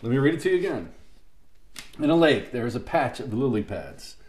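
A man hosts a casual chat, briskly moving through questions. His voice is mid-pitched and animated. The room is echoey, with a faint hiss behind. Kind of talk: casual chat, quiz host.

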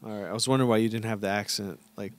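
A man's voice: lowish voice, steady tone, very fast. A man co-hosting a podcast in casual chat, laid-back and joking, swearing offhandedly. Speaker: podcast co-host.

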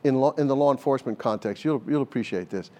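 An older man speaks in a steady, mid-pitched voice as a guest in a conversational interview. He tells stories earnestly, often restarting phrases as he thinks, with an occasional laugh. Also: fast. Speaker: former hostage negotiator, guest.

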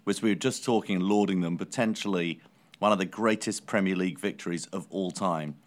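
Low-voiced, dry-humored man co-host. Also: brisk. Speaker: podcast co-host. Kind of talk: casual football chat.

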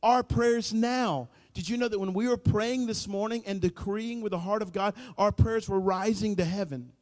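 High-voiced pastor in a church hall. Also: male voice, fairly even intonation, fairly quick. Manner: folksy, preachy, builds to shouting emphasis. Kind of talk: sermon. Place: church sanctuary.

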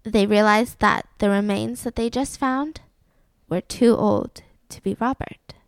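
Speaking at a measured pace, this young woman has a mid-range voice captured cleanly with no echo. She co-hosts a podcast and chats her way through a true-crime story, saying "like" constantly.

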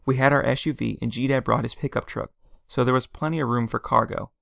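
Gravelly-voiced man reading a story. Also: medium pitch, steady tone, a little fast, a bit bright, no room sound, clean studio sound. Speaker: narrator. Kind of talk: first-person story reading.

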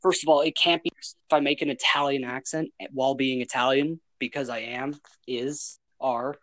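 A man's voice: mid-range voice, steady tone, moderate pace, a bit bright, no echo, low-quality recording. A man co-hosting a casual podcast, sarcastic and bossy about the rules. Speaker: podcast co-host.

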